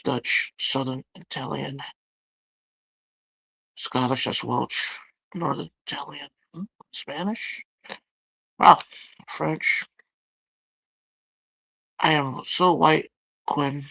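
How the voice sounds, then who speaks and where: A man hosting a livestream, chatting casually as he reads out viewer comments and reacts to them with loud exclamations. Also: fairly high pitch, vocal fry, dry recording, dull audio. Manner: exclamatory, reacting aloud to chat. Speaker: livestream host.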